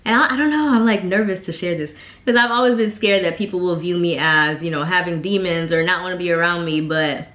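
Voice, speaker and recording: Woman vlogger, low voice, chatty casual storytime, echoey room. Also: fairly quick, fairly bright tone. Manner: chatty, lots of "like" fillers. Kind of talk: casual storytime while getting ready.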